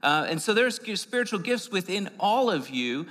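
A man preaches a sermon with a bright, slightly higher voice. His delivery is conversational, with frequent restarts and fillers. The sound carries a long hall reverb. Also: very animated, moderate pace. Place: church sanctuary.

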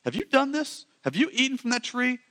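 A man's voice: extremely high pitch, big pitch swings, a little fast, bright, forceful tone, voice pushed up, heavily acted. A man voicing God, firmly questioning the first couple during a sermon retelling. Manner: questioning, firm. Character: God, calm searching male voice.

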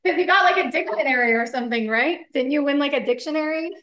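A woman's voice: high-pitched, fast, pushed and bright, roomy sound. A woman co-hosting a casual chat while she bakes at home, talking in a loose way with lots of fillers and laughs. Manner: chatty, many fillers, laughs often. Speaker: podcast co-host.

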